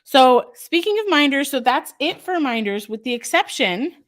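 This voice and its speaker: A woman's voice: high-pitched, lively intonation, normal speed, a bit bright. A woman who runs a small craft shop, hosting a casual live stream. She chats and gushes about her products with lots of filler ums, and she reads out viewer comments and answers them.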